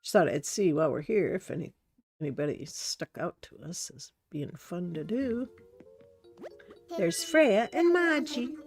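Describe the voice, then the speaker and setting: A woman's voice: a little high, animated, unhurried. Chatty woman streamer over game music. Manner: chatty, rambling storyteller. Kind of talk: casual gameplay commentary. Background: soft game music.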